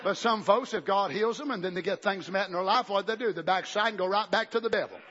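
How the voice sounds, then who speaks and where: A preacher delivers a fiery revival sermon in a strikingly high, bright, forceful voice. He swings from ringing shouts down to low, conversational asides. The recording is dull and lo-fi. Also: quick pace, big-room sound, a faint crowd. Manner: bursts into shouts, then drops low and conversational.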